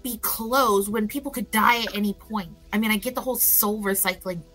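A woman playing a tabletop game, joking and self-mocking in a casual, quick manner. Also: mid-range voice, a bit bright, soft background music. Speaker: player.

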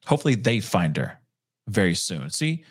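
A man's voice: sits low, big pitch swings, moderate pace, husky. A man hosting a casual live news commentary show, talking straight to his viewers and laughing at his own jokes.

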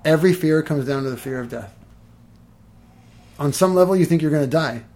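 A man, an energy healer, chatting casually and telling lively stories, swearing and laughing as he goes. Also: fairly high pitch, a little fast. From Los Angeles. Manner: animated, swears, laughs through his stories. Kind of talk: casual storytelling in conversation.

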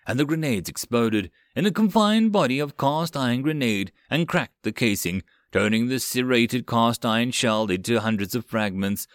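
A man narrating a web novel as an audiobook, with a steady, even reading. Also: lowish voice, dry recording, clean studio sound.

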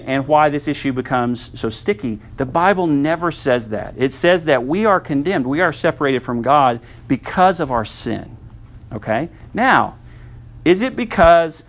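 A man with a slightly raised pitch delivers a sermon in a relaxed, conversational teaching manner. He keeps checking in with his listeners through quick asides as he walks through his points. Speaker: pastor.

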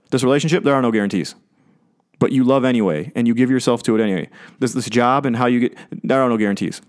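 A man preaching a sermon in a conversational way, acting out quoted lines and chuckling often. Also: mid-range voice. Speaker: pastor.

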